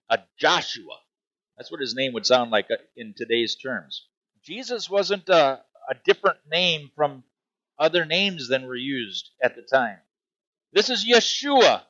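A man preaching a sermon, animated and emphatic, with repeated punchy phrases. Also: fairly high pitch, no echo, dull audio. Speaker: pastor.

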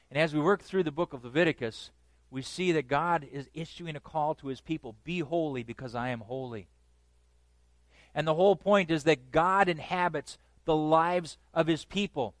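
A man preaching a sermon, emphatic, repeating phrases for weight and dropping to a hush on key words. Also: a little high, no echo.

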